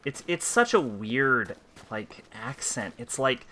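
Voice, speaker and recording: A man's voice: mid-range voice, big pitch swings, slow pace, sharp tone, slight background noise. Profane grumbling male game streamer. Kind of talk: casual gameplay commentary.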